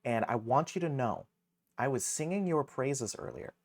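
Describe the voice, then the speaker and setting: A livestreamer chatting casually with viewers and thanking supporters, with a teasing, playful manner that swings from low mutters to excited squeals and laughter. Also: moderate pace. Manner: teasing, playful banter with chat. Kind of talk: casual live-stream chat, thanking viewers.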